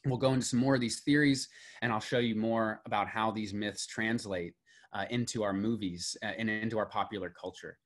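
A man's voice: fairly low pitch, fairly even intonation, fairly quick. A middle-aged man giving a classroom lecture on myth and story, building emphasis on key lists. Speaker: mythology lecturer.

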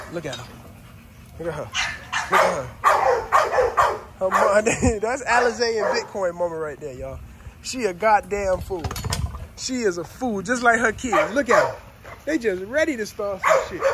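A middle-aged man vlogging casually while doing kennel chores, talking loosely in slang, calling viewers fam and shouting at his dogs. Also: high voice. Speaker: dog kennel owner. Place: outdoor dog yard with kennels. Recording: outdoor yard noise with dogs barking. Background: dogs barking.

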